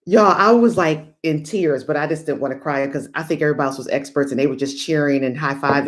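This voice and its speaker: A middle-aged woman giving a lively motivational talk to online viewers, chatty and animated, calling them "y'all" and breaking into laughs and high whoops. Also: fast talker, hardly any pauses. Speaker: motivational speaker.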